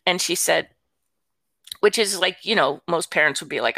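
An older woman with a low, gravelly voice tells a story in a lively, chatty way. She acts out the quotes and laughs lightly now and then. The sound is dry and close. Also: moderate pace, no room sound. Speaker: guest. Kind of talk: casual storytelling.

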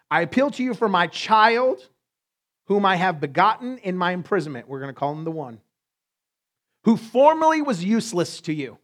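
A male pastor preaches to his congregation, cracking jokes and tossing quick asides between points. His voice sits high for a man. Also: very animated, a bit bright. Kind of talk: sermon.

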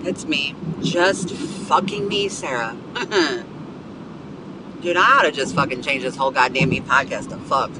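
A woman's voice: rumbling low, lively intonation, a little slow, background noise. A woman hosting her podcast alone, venting bluntly and swearing constantly. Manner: profane, blunt, ranting. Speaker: podcast host. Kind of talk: angry solo venting.

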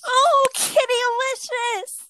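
A woman imitating a doting, gushing middle-aged aunt who coos in a high, drawn-out sing-song of baby talk. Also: fairly even intonation, sharp tone, exaggerated voice. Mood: cooing.

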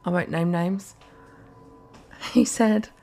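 A woman chatting on a podcast with a slightly low voice. She rants in a lively, sweary way, often jumping into mocking impressions of people she's complaining about. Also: takes it slowly, soft background music. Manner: sweary, animated ranting with mock quotes. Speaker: podcast co-host. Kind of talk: casual chat.

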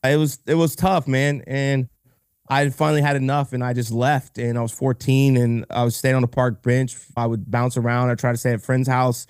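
This podcast guest, an entrepreneur, speaks at normal speed in a smooth, darkish, mid-range voice with flat delivery. Candid and earnest, he keeps restarting and chokes up, almost crying, during the casual interview. The recording is dry and of studio quality.

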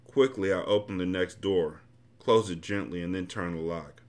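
Podcast host reading an urban novel, lowish male voice, casual and blunt. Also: normal speed, a little mellow. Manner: casual, blunt, profane commentary. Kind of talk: reading a novel aloud and commenting.

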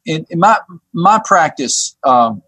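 A man who works on a church staff tells a personal story as a guest. He talks haltingly, repeating words and restarting his sentences. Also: on the high side, big pitch swings, sharp tone, breathy edge, no echo. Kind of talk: telling a personal story on a podcast.

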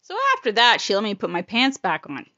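A woman's voice: medium pitch, animated, a little fast, sharp tone, dry recording, muffled recording. A woman telling a personal story in a casual, blunt, profane and emotional way.

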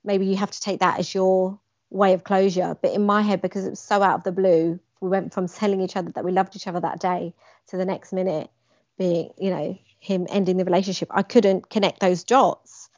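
A young woman with a fairly low voice speaks briskly as a guest, sharing a personal story in conversation. She animates what she describes and acts out quotes with emphasis, on a dry, echo-free, slightly dull lo-fi recording.

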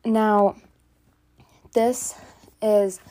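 A young woman with a mellow, warm voice talks earnestly at home, rambling a little and leaning on fillers. She sounds like a teenager sharing personal advice in an easygoing podcast chat. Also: medium pitch, flat delivery, very slow. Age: teens. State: out of breath. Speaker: podcast host. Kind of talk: casual personal talk.

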